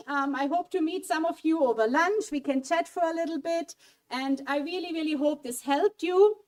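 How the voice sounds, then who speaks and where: High-voiced woman quizzing a hall audience. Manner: lively, coaxing, quizzes the audience. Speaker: German language speaker at a college event. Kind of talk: interactive audience quiz talk. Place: auditorium mini hall. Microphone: handheld mic.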